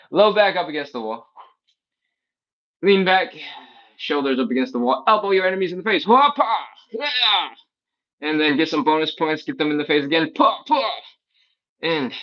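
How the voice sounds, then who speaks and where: A man's voice: medium pitch, muffled recording. A man leading a live stretching class, coaching and counting reps aloud in a playful way. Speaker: fitness instructor.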